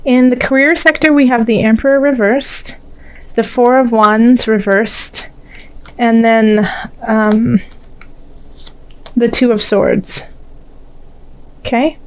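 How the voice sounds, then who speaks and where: A woman's voice: a little high, fairly even intonation, slow, pauses often, clear, resonant tone, lo-fi sound. A woman giving a casual tarot reading, chatty and full of fillers, often laughing as she talks. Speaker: tarot reader.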